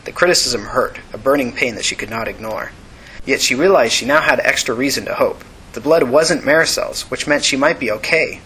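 Guy narrating an audiobook, steady and even, medium voice, little bit of hiss. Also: mid-range voice, brisk, rough recording.

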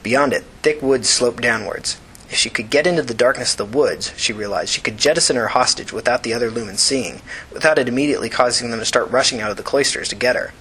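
Husky-voiced man narrating a novel. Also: medium pitch, fast talker, pushed and bright, poor audio. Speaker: audiobook reader.

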